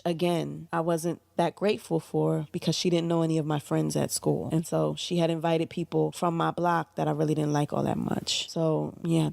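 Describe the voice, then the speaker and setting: Woman, 30s, therapist, animated storyteller; low, gravelly voice, dry sound. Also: no echo. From United States. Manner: candid, animated, acts out quoted voices. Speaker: psychotherapist. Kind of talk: personal storytelling vlog.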